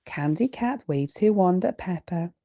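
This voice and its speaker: A British woman reading a children's storybook aloud, slow and expressive. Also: on the low side, dull audio. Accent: British English. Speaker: children's book reader.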